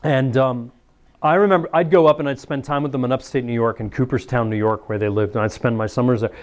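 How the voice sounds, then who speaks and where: A man, a priest, giving a lively talk to students, acting out little scenes and laughing as he goes. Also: medium pitch, quick pace. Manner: animated, acts out voices, laughs often.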